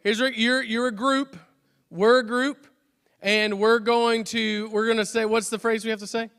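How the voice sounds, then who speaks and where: A man's voice: extremely high pitch, little pitch movement, normal speed, a bit bright, smooth. A man leading a church youth service as youth pastor, giving chatty announcements with many restarts and self-deprecating jokes, then praying. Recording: reverberant hall.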